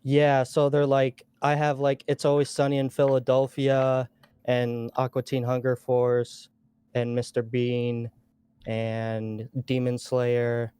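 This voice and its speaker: A man's voice: mid-range voice, completely flat delivery, slow pace, mellow, clear, resonant tone, no room sound. A man calling into a live stream, chatting casually in a shy, hesitant way with lots of fillers. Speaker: caller, community member. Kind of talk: casual chat.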